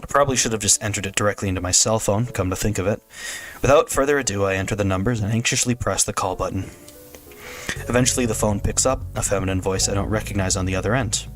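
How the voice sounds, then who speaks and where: A man with a lowish voice narrating a visual novel for his stream, steady and plain, close on a desk mic. Faint music plays softly under his reading. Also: quick pace. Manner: steady first-person narration with small restarts.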